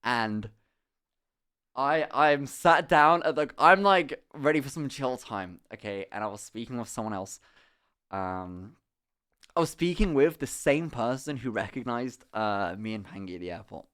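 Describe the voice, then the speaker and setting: A man's voice: medium pitch, measured pace, clear, resonant tone. Laughing man telling stories to chat. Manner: animated storytelling, frequent laughter, swearing. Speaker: live streamer. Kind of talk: casual chat with stream viewers.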